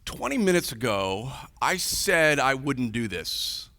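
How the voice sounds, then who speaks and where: A man's voice: medium pitch, big pitch swings, slow pace, sharp tone, dry recording, clean studio sound, voice pushed down, exaggerated voice. A male pastor putting on a proud, impulsive disciple who insists emphatically on his loyalty. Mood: insistent. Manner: emphatic, protesting.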